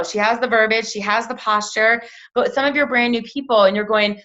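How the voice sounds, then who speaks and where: Chatty bright-voiced woman coaching a team. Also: a little high, fairly quick. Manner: chatty, lots of "like", acts out quotes in lively voices. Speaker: team leader training a sales team. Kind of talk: casual coaching talk. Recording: dull lo-fi sound.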